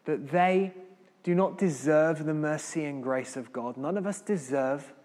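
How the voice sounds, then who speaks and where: A man preaching a sermon, reading scripture and then explaining it, with deliberate delivery that rises and falls in volume. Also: on the high side, a little mellow. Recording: long hall reverb.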